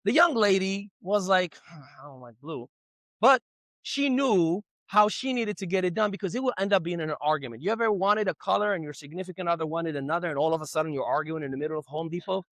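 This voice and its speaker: A man's voice: high voice, fast talker, no echo. A middle-aged man giving a motivational relationship talk to a live audience, telling stories and acting out the quotes. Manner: animated storyteller, acts out quotes. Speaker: relationship speaker.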